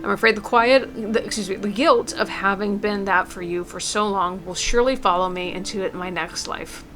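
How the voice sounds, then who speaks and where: A woman reading aloud as an elderly mother, gentle and tender, with small stumbles. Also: medium pitch, normal speed, natural voice. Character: elderly mother writing a farewell letter. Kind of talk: reading a game letter aloud.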